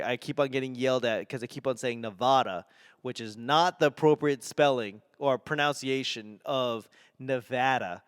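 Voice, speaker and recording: A man in his forties with a faint Boston accent hosts his podcast alone, rambling with wry, self-mocking asides. His voice is smooth and clear, recorded close and dry with no room sound. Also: medium pitch, no room sound. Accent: softened Boston. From Boston area, New England. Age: 40s. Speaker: podcast host and stand-up comedian. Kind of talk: solo casual podcast rambling.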